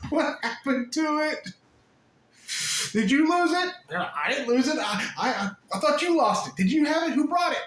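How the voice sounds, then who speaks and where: Frantic little angels bicker in high, squeaky voices, as a man puts them on. The questions tumble over each other in panic. It sounds like an echoey room with a faint hiss behind. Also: sing-song, moderate pace, fairly bright tone, heavily acted. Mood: panicked.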